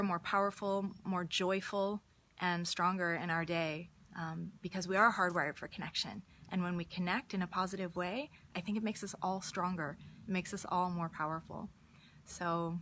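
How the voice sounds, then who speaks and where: A woman's voice: fairly low pitch, slight background noise. A woman hosting a live stream, giving an earnest, casual motivational talk and telling personal stories, often restarting her words. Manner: earnest, warm-hearted, restarts words, storytelling.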